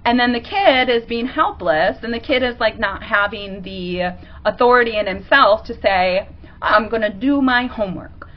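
A woman's voice: fairly high pitch, lively intonation, lo-fi sound. Conversational woman podcast host explaining. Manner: conversational, acts out quick examples. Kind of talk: casual teaching monologue.

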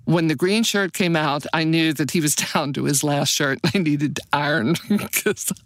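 An older woman, a detective's wife, telling personal memories with lively leaps in pitch. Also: a little slow, no room sound. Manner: animated, pitch leaps on emphasis. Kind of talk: personal recollection.

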